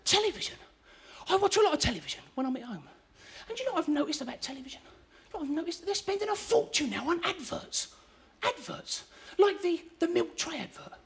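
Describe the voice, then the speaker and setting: A stand-up comedian, rambling excitably and laughing at their own jokes on a live TV stage. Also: female voice, very high-pitched, brisk. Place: live TV studio with audience. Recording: noisy live studio with loud crowd.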